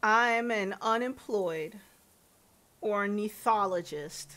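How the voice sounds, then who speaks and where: A woman voicing a down-to-earth Southern farm wife in her late thirties, reading her lines in a measured, plain way with a Southern accent. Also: mid-range voice, a bit bright. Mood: matter-of-fact.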